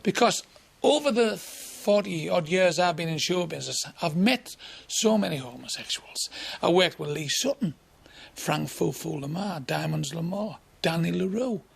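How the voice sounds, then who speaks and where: A man's voice: high voice, vocal fry, husky. A man, a comedian telling blunt, bawdy anecdotes in an interview. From England. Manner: blunt, bawdy, chuckling raconteur.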